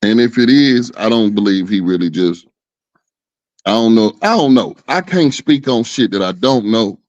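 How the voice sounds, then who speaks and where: A man's voice: on the low side, animated, normal speed, a little mellow, no echo. A man calling in as a guest who talks hesitantly and guardedly, on dull lo-fi call audio. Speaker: guest caller. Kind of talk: casual call-in talk.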